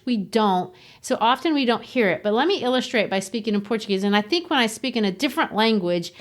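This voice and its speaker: A woman who teaches, co-hosting a podcast in a casual, explanatory way and tapping out rhythms as she explains. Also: mid-range voice.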